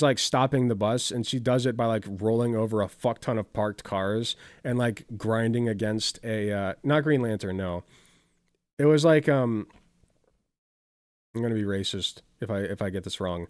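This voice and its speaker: A man's voice: medium pitch, a little mellow, dry recording, clean studio sound. Rambling, sweary male streamer. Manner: rambling, sweary, filler-heavy. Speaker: streamer reacting to videos. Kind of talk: casual live-stream chat.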